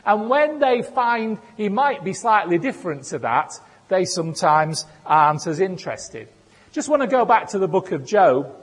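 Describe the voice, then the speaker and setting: A man's voice: high-pitched, big pitch swings, normal speed, husky. A man giving a sermon in a conversational way, with self-deprecating humor. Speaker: preacher. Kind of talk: sermon with personal stories. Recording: echoey hall.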